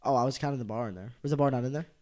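A man's voice: medium pitch, darkish tone. A man co-hosting a wrestling podcast, joking and arguing in casual chat. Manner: joking, argumentative, quick banter. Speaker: podcast co-host.

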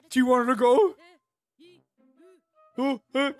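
A channel host giving casual commentary while reacting to an anime, excitable, laughing often and swearing freely. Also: medium pitch, unhurried, dry recording.

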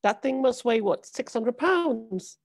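A woman reading aloud and voicing a greedy, bossy fisherman father who shouts orders. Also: on the high side, lively intonation, slow, creaky, dry recording, clean studio sound, voice pushed up, full character voice. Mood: greedy commanding. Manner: shouting, commanding, money-hungry.

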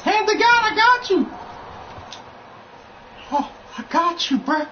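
A woman trash-talking loudly over her gameplay, shouting and laughing at the screen. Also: extremely high pitch, lively intonation, takes it slowly, background noise. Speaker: gamer. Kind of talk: loud gameplay commentary. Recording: dull capture with game music.

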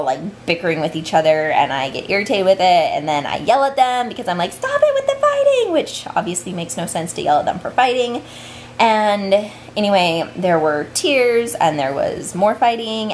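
A woman's voice: medium pitch, slight background noise. A woman in her thirties, a vlogging mom, talking to camera in a candid, heartfelt way with lots of "like" fillers. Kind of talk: reflective vlog talk to camera.

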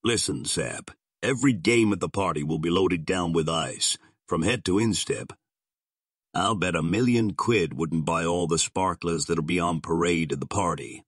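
A man's voice: sits low, moderate pace, breathy edge, no room sound, studio quality. A man voicing a sardonic male gangster boss who drawls his threats in slang. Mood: menacing.

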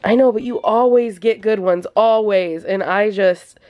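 A woman's voice: medium pitch, unhurried, mellow. A young woman with a nasal voice, chatting casually to camera at home in a rambling vlog. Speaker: vlogger. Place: at home, indoors.

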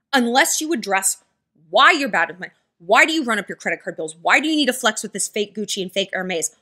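A woman's voice: on the high side, sharp tone. A woman giving blunt relationship advice straight to her viewers in a chatty vlog, acting out the people in her stories. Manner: chatty, acts out quoted dialogue in storytelling; blunt, direct-address advice.

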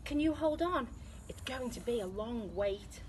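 A woman's voice: a little high, lively intonation, a little slow, slight background noise. A woman reading aloud and voicing a sensible, bossy giraffe, firm and chiding.

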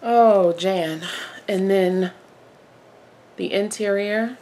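A woman with a gravelly edge to her voice chats through a craft haul at home, excited and gushing, now and then slipping into a hushed whisper. Her pitch sits in the middle, and faint noise hangs under the camera mic. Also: measured pace. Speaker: flosstube host. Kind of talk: casual haul vlog.

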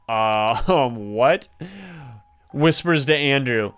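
A young man playing a game on his channel, reading dialogue aloud and reacting with excited commentary to viewers. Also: mid-range voice, takes it slowly, clean tone. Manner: excitable, gasping, laughing, addresses viewers as you guys. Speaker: gaming YouTuber.

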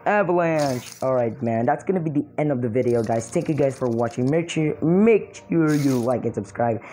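A young woman giving excited gameplay commentary, exclaiming and laughing often as she plays. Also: extremely low pitch, moderate pace, slight background noise. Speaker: mobile game player.

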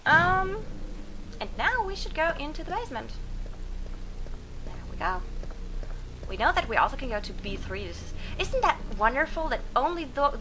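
A woman giving casual let's play commentary, chatty and narrating her own moves, with quick frustrated exclamations. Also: high voice, background noise.

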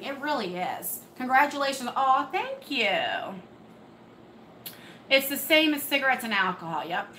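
Bright high-voiced woman chatting on a live stream. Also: echoey room, a little hiss or hum, low-quality recording. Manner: chatty, reads and answers comments. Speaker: beauty channel host. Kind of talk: live stream chat with viewers. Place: home room under hot lights.

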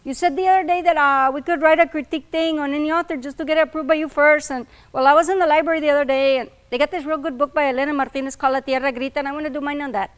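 A woman voicing a quiet young male college student who speaks earnestly and casually, pleading his case. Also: high-pitched, fairly even intonation, very fast, few pauses, close to an everyday voice.

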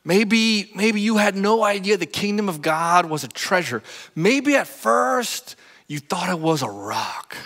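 A man preaching an animated sermon as a pastor, acting out stories and checking in with his listeners. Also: high voice, unhurried. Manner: animated, acts out stories, talks to the crowd with "right?". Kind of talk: lively storytelling sermon. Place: church sanctuary. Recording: long reverb of a church hall.

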